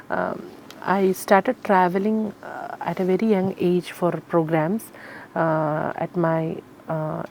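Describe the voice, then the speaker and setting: Woman, classical singer being interviewed; low-set voice, halting and sincere. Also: a little mellow, a little hiss or hum. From Kerala, India. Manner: earnest, explanatory, many fillers. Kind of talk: interview answers.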